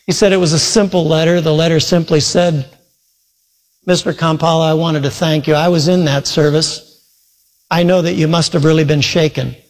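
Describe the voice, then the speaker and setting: A man preaching a sermon, telling a long story earnestly and acting out the quoted voices. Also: on the high side. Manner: earnest storytelling with quoted retellings and sudden loud shouts. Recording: long hall reverb.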